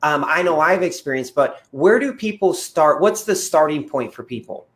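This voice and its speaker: A man hosts a podcast interview, rambling through his questions with plenty of fillers. His voice sits somewhat high for a man. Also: lively intonation, normal speed, a bit bright. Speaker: podcast host. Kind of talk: casual interview talk.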